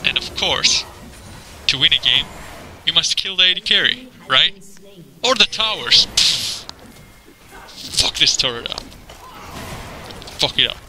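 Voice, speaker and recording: A fairly high-pitched man narrating his gameplay with a slow, drawn-out delivery. His bright, forceful voice is full of cursing and trash talk aimed at opponents. He keeps breaking into laughter and sudden excited shouts. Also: slight background noise. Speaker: gamer recording his own match. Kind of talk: gameplay commentary.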